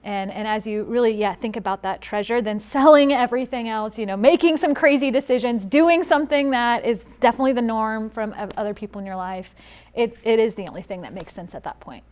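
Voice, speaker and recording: Reflective woman with a higher voice. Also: brisk, a little mellow. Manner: reflective, uses many fillers. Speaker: missionary sharing testimony. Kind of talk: casual testimony.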